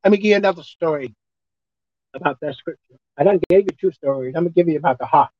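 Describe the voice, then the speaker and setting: A woman preacher delivering a folksy, emphatic sermon, swinging between shouting and hushed tones. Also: deep voice, fast talker, husky, no room sound, dull audio. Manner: folksy, colloquial.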